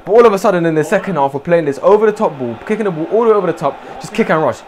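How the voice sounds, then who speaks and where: A young man commentating on his own football video game, shouting, swearing and groaning at his players. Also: high voice, expressive, very fast, slight background noise. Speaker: gaming streamer. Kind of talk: excited live gameplay commentary.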